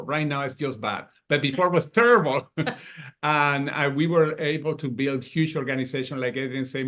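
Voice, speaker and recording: A man's voice: medium pitch, fairly bright tone. Man with a South American accent. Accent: South American Spanish. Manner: joking, self-deprecating, halting English. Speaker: business presenter. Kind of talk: casual presentation. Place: home video call. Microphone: video call.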